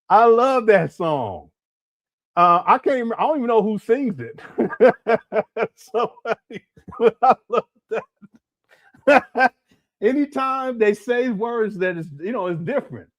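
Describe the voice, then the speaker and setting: Giggly high-voiced man livestream host. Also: expressive, slow, pauses often, no room sound. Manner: giggly, rambling, breaks into song. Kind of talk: casual live-chat commentary.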